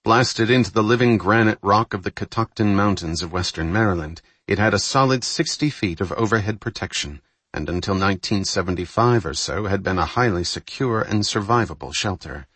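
A man reading a thriller novel aloud in measured, scripted audiobook narration. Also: fairly low pitch, expressive, fairly bright tone, husky, no room sound.

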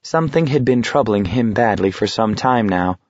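A man narrating an audiobook in a measured, steady reading. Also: fairly low pitch, dry recording, muffled recording. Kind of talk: scripted narration.

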